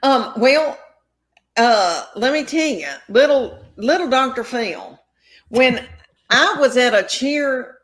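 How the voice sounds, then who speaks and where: A woman spins rambling showbiz stories. She acts out every quote and keeps the chat lively and casual. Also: sits high, takes it slowly. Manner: rambling, animated anecdotes with quoted dialogue. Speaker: comedian guest. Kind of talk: storytelling interview chat.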